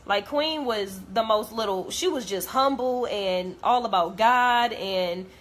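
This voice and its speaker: A woman's voice: a little high, a little slow. A young woman, talking straight to camera in an emotional rant, blunt and cursing heavily. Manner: blunt, heavy cursing, hurt and heated. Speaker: vlogger.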